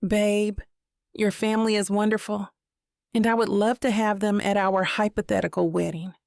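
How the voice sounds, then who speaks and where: An easygoing young boyfriend who talks in a relaxed, affectionate way, voiced by a woman reading the book. The tone has a slightly gravelly grain, and the recording is dry and close. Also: mid-range voice, normal speed, no echo, natural voice. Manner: relaxed, calls her babe. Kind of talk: audiobook narration.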